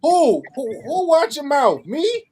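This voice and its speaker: A man's voice: extremely high pitch, sing-song, takes it slowly, dark tone. A man with a Baltimore accent co-hosting a podcast, joking and laughing through casual banter and a show sign-off. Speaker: podcast co-host.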